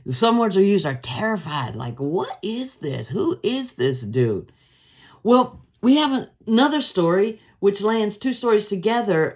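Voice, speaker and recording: Lively woman teaching a Bible lesson. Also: mid-range voice. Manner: lively, conversational, acts out the story's voices. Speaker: Bible devotional host.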